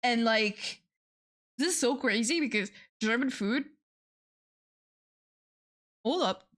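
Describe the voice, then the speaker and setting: Slow-talking woman streamer. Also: on the high side, lively intonation, fairly bright tone. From France. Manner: playful, swears often, chats to viewers. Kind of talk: casual livestream chat.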